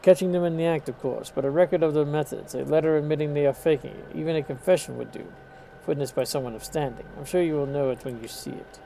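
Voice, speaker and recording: A man voicing a formal, skeptical gentleman in a put-on French accent while reading game dialogue aloud. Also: on the high side, fast talker, vocal fry, a little hiss or hum, rough recording.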